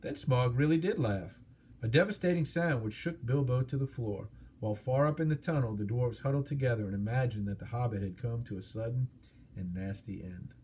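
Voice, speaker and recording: A man narrating an audiobook in a steady, expressive storytelling manner. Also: mid-range voice, fairly quick, slight background noise.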